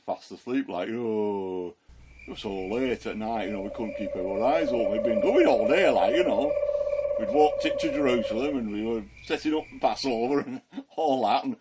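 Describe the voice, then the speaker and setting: A man's voice: mid-range voice, moderate pace, heavy background noise, close to an everyday voice. A man playing the apostle Peter, retelling the story in a chatty, folksy voice full of fillers. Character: the apostle Peter, plain-spoken working fisherman. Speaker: Christian ministry performer. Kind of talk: first-person storytelling monologue.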